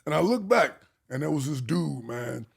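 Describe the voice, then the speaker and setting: A man from Arkansas, USA, guests on a podcast and tells his life story with animation, acting out the people he quotes and swearing freely. His voice is fairly high-pitched, gravelly and husky, at a normal speed.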